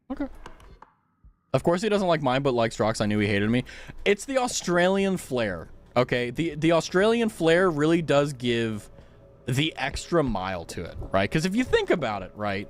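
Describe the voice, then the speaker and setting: A man's voice: fairly high pitch, big pitch swings, normal speed, a little hiss or hum. A man streaming a game, chatting casually and joking at his own expense. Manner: joking, rambling, self-mocking. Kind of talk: casual chat.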